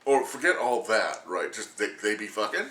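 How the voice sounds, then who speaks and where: A man's voice: lowish voice, big pitch swings, moderate pace, pushed and bright, reverberant, a little hiss or hum. A man in his sixties ranting casually to camera, rambling and crude, laughing often as he talks. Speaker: vlogger.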